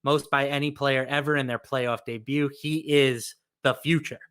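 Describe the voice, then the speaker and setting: A male betting analyst with a bright, forceful voice that comes across smooth and crisp. He sounds measured and matter-of-fact and builds his case from numbers. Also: mid-range voice, steady tone.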